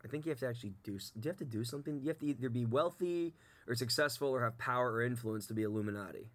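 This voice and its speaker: A man hosting a radio show, bantering in a fast, playful and campy way with his co-hosts in the studio. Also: medium pitch.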